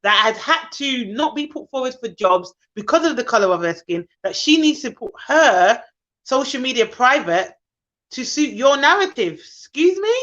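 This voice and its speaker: A woman's voice: fairly high pitch, animated, normal speed, fairly bright tone, highs cut off. A woman with a Jamaican accent hosting a casual chat about nanny work, talking with fired-up indignation. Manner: impassioned, indignant. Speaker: nanny podcast host.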